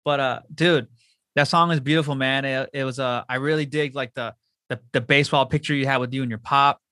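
Fast, bright-voiced swearing man. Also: medium pitch, steady tone, no room sound, clean studio sound. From Southern California. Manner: swears a lot, slangy and loose. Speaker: podcast host. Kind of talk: casual chat. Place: home.

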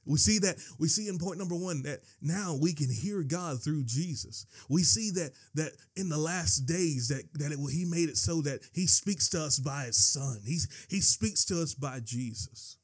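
A man preaching a sermon in a high voice. He moves between quiet scripture reading and excited yelling. When he gets worked up, he stumbles and repeats words. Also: normal speed, few pauses, breathy edge. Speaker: pastor.

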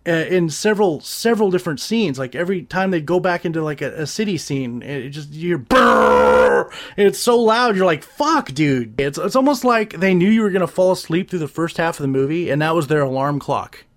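A man with a high voice talks through his reviews in a loose, rambling way. He swears freely, stumbles over restarts, and gets animated when something annoys him. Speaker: podcast host reviewing gadgets and movies. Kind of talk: casual crude review chat.

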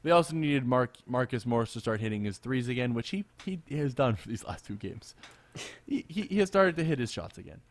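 A man co-hosting a casual sports podcast, animated and quick to laugh, often repeating himself. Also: mid-range voice. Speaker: podcast co-host.

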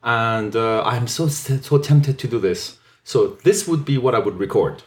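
Animated, playful man in an echoey room. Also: mid-range voice, normal speed. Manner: playful, laughs often, explains with enthusiasm. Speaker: podcast co-host. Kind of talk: casual conversational podcast chat. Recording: roomy echo on the voice.

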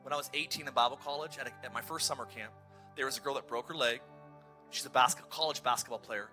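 Bright-voiced, animated male pastor preaching. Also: mid-range voice, fast talker, faint music behind. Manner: energetic, joking, self-deprecating storyteller. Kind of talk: sermon. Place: church.

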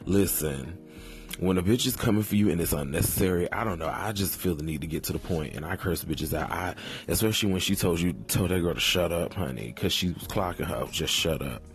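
A man hosting a podcast, delivering a sassy, drawn-out casual commentary full of cursing. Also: sits low. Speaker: podcast host.

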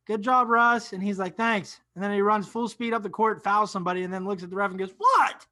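Young male co-host, high bright voice, blunt opinions, animated mimicry. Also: racing. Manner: opinionated, acts out players in animated quotes. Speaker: podcast co-host. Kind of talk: casual sports talk.

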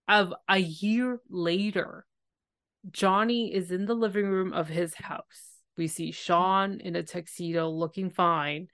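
A woman's voice: fairly low pitch, vocal fry, a bit bright, dry recording, studio quality. A woman hosting a podcast, recapping a TV episode in casual, emotive chat and acting out the scenes. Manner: emotive, retells scenes with acted quotes. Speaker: podcast host.

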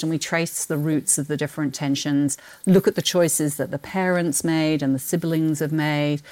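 A woman's voice: deep voice, normal speed, few pauses, darkish tone. A woman from Britain with a British accent and a slight Australian twang, chatting animatedly about books as a podcast guest and laughing often. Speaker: guest, books marketing executive.

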